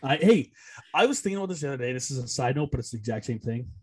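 Husky young man, excitable podcast co-host. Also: medium pitch, rapid-fire. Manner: excitable, laughs often. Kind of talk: casual chat.

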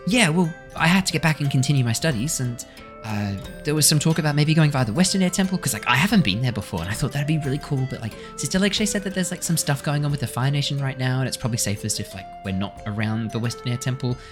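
A woman voicing a chatty, excitable young girl airbender in a tabletop game, rambling with lots of "like". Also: rumbling low, fast, over music.

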